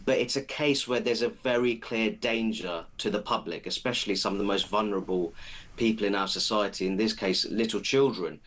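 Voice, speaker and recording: Measured low-voiced commentator. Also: male voice, a bit bright. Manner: measured, earnest, builds arguments step by step. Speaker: political commentator guest. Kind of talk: live radio interview.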